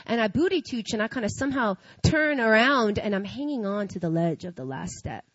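A woman's voice: mid-range voice, animated, a little fast, no echo, dull audio. A woman telling a personal story to an audience in casual, slangy talk, acting out her own reactions. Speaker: speaker sharing a personal faith story.

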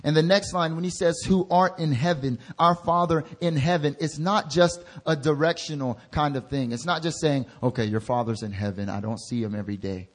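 A young man preaching a sermon as an intern pastor. He drops into soft, low asides, then rises into loud exhortations. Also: a little fast, few pauses.

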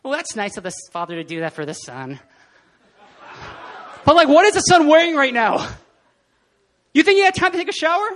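A man preaching a casual, animated sermon in a church, often laughing and acting out scenes. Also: very high voice, moderate pace, pauses often. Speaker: pastor. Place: church hall.

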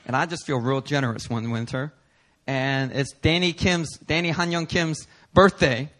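A man's voice: medium pitch, steady tone, moderate pace, fairly bright tone. A male pastor preaching a sermon in an earnest, emphatic way, building intensity through repetition.

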